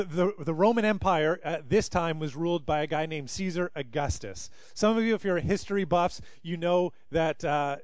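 High-voiced man preaching with animated storytelling. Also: no room sound. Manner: animated storytelling, acting out quoted speakers. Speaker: pastor. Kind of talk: sermon.

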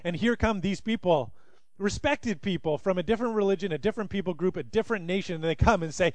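A man with a high voice preaches a sermon, close and dry on the mic. He tells the story with animation and slips into the voices of the people he quotes. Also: fast, no room sound. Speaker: pastor.

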